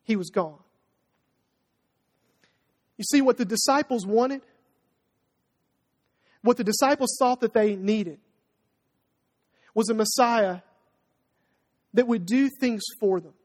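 A preacher in full sermon mode, leaning hard on key words and tossing rhetorical questions to the congregation. The voice sits at a middling pitch. A long reverb hangs behind every phrase. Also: slow pace, pauses often, darkish tone. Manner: emphatic, rhetorical call-and-response questions.

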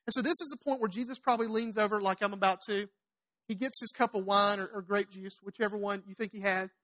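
Woman preacher with a somewhat high voice, animated storyteller who acts out the characters' lines in her sermon. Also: fast talker. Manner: chatty asides to the congregation.

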